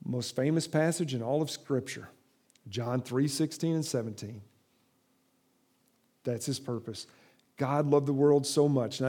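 A man preaching a sermon, moving from emphatic, raised passages to slow, quiet stretches as he quotes scripture. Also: mid-range voice. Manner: reads and quotes scripture aloud, rising for quoted voices. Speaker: pastor.

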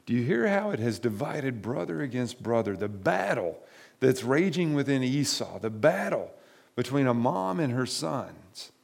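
A man's voice: mid-range voice, big pitch swings, unhurried, creaky. A man preaching a sermon to his congregation, emphatic and direct, repeating his key phrases. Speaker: pastor.

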